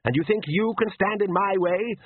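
A man's voice: high voice, normal speed, narrow, tinny audio, slight background noise, voice pushed up, lightly acted. A man voicing a scornful, menacing male vampire count with a raised, commanding voice. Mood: sneering. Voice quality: sneering, commanding.

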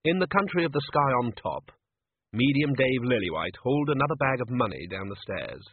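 A man narrating an audiobook in a measured, dry storytelling manner. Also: mid-range voice, sing-song, husky, no room sound. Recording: tinny phone-like dry audio.

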